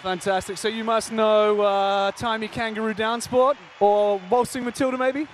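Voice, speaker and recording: A man, shouting to a rugby stadium crowd as an upbeat entertainer. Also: high-pitched, steady tone, moderate pace, slight background noise. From New Zealand. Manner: exuberant, rousing, calls out to the crowd.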